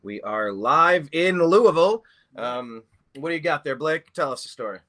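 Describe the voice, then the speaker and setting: A man's voice: a little high, animated, normal speed, sharp tone. A man hosting a casual podcast chat, playful and rambling, tasting whiskey with a guest. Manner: playful, rambling, mock-grand intros. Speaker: host. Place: Louisville, Kentucky.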